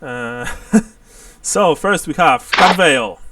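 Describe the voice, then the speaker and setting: A man's voice: on the high side, expressive, takes it slowly, distant mic, heavy background noise. A man narrating and explaining rules as game master of a tabletop game, laughing often.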